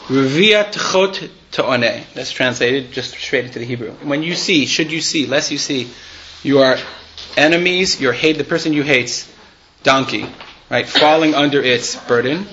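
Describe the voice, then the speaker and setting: A man's voice: on the high side, lo-fi sound, background noise. A man teaching a live Torah class. He reads Hebrew and Aramaic passages aloud, explains them conversationally and asks his students questions.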